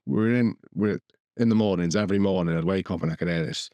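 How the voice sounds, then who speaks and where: A man with a lowish voice, chatting on a podcast. He rambles through a story with lots of false starts and the odd swear word. The sound is dry and close. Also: fairly quick, mellow, no room sound. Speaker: podcast co-host. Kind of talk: casual chat.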